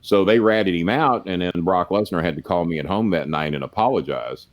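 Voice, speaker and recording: Low-voiced older man telling stories. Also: a little fast. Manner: rambling, profane, plain-spoken. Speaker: podcast guest, former wrestling manager. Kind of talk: casual storytelling.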